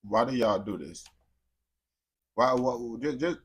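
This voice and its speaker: A young man from the United States talks through a video in loose, slangy reaction commentary. His husky voice swings up and down with incredulous energy. He hosts the stream himself. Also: medium pitch, lively intonation, unhurried.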